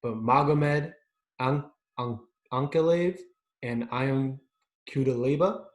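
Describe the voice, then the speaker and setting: A man's voice: medium pitch, takes it slowly. Chatty man in an echoey room. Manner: chatty, leans on tag questions, hesitant with fillers. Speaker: podcast co-host. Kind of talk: casual sports chat.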